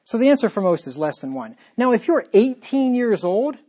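A man's voice: extremely high pitch, very animated, normal speed, mellow. A man preaching a sermon as pastor, talking straight to his listeners with emphatic repetition and rhetorical questions.

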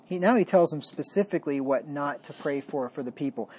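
A man preaching a sermon, reading verses with raised emphasis and dropping to low, folksy asides. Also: brisk, hardly any pauses, a little mellow, husky. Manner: folksy, self-deprecating asides.

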